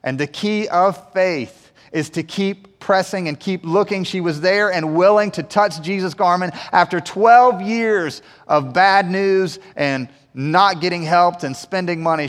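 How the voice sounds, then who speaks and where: A man's voice: sits high, measured pace, long reverb tail. A man preaching a sermon to his church in a conversational way, often asking the room "right?". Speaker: pastor.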